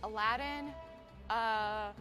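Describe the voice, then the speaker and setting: A woman's voice: on the high side, slow pace, music in the background. A woman tennis player answering quiz questions while juggling, hesitant and giggly.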